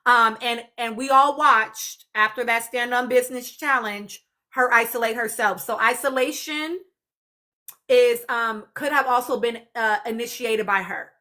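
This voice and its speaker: A woman's voice: on the high side, unhurried, sharp tone. A woman hosting a live podcast stream, chatting casually and speaking straight to her viewers. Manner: chatty, talks to viewers directly. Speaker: podcast host.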